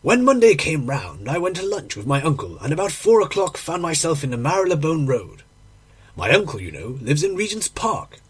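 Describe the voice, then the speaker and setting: A male audiobook reader delivering a classic tale with dramatic, emotional expression. His voice is strongly husky and breathy and sits a little high for a man. His pitch swings widely as he tells the story. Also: very animated, moderate pace.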